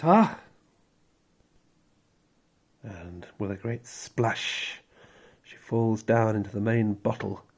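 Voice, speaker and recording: Gravelly, husky male storyteller. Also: medium pitch, a little mellow. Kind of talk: calm storytelling narration.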